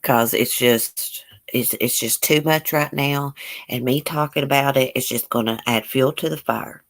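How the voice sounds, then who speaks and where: A woman's voice: a bass voice, a little slow. A woman with a broad Southern country accent hosts a casual livestream, reading out and answering viewer comments. She is blunt and outspoken, swears without hesitation, and has a folksy, drawling way of speaking. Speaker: YouTube livestream host.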